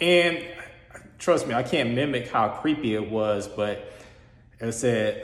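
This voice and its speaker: A man earnestly telling a personal experience in a casual, halting way, with frequent restarts. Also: mid-range voice. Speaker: storyteller sharing a personal experience. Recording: roomy hall reverb.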